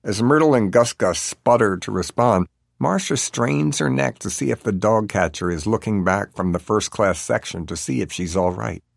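Gravelly, deep-voiced male audiobook narrator. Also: moderate pace, dry recording, clean studio sound.

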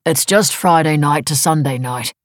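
A woman's voice: sits low, moderate pace, dry recording, clean studio sound, natural voice. A woman doing a curt, evasive older husband. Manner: clipped, curt replies.

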